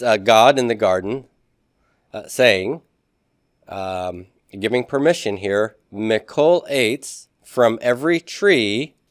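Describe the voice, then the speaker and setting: Low-voiced man teaching grammar. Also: dry recording, clean studio sound. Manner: explanatory, checks in with "okay?"; spells out Hebrew words slowly. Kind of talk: recorded classroom lecture.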